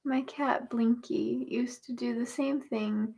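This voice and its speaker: Young woman, livestream host, slightly high voice, slow unhurried chat, coos at her cat. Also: fairly even intonation, gravelly, mellow, husky. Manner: chatty, talks baby talk to her cat.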